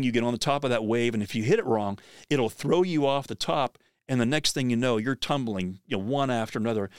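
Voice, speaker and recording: A man's voice: mid-range voice, dry recording, clean studio sound. A middle-aged man hosting a podcast, telling a personal story in an earnest, vivid way that often restarts sentences.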